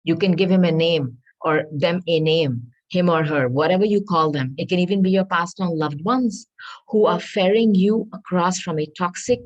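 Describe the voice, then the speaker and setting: A woman giving a tarot reading to viewers, earnest and reassuring, often pausing to hunt for the right word. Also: on the low side, highs cut off. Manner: earnest, reassuring, searches aloud for words; addresses viewers as darling. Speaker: tarot reader.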